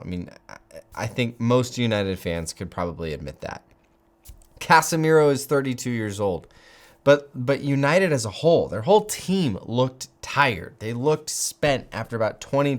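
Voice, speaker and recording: A man hosting a football fan channel, talking to camera in excited, gushing commentary and laughing often. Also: mid-range voice.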